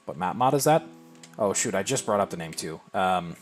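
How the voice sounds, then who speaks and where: Streamer, male, lower register, chatty and self-deprecating, talks to chat as he plays. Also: lively intonation, moderate pace, soft background music. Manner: thinks aloud and answers viewer chat. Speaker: game streamer. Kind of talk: casual live-stream chat while playing.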